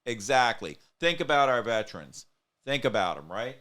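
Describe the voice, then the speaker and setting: A man hosts a casual talk show, talking earnestly and at length to his viewers. His voice is smooth and clear, at an ordinary middle pitch. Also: big pitch swings, normal speed, fairly bright tone. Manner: earnest, rambling, speaks straight to viewers. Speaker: show host.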